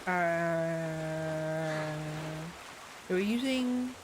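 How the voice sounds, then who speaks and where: A woman streamer chats casually with her viewers while playing a game, speaking extremely slowly in a lowish, expressive voice. She rambles, corrects herself, and greets viewers by name, with background noise audible.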